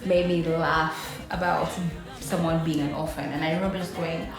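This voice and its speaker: A woman comedian from Kenya chatting casually, with a lively, animated storyteller's manner. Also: low-pitched, normal speed, over music. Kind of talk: casual chat. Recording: very echoey room.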